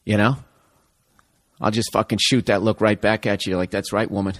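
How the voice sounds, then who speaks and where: A man's voice: on the low side, steady tone, moderate pace. Man in his thirties, podcast host, profane and sarcastic, rambling monologue. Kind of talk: casual comedic monologue.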